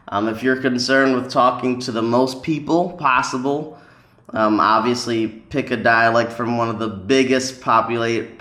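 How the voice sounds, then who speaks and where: A man's voice: medium pitch, a bit bright, roomy sound. A man talking casually to camera about learning languages, rambling with many ums and restarts. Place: lives in a city in northern China.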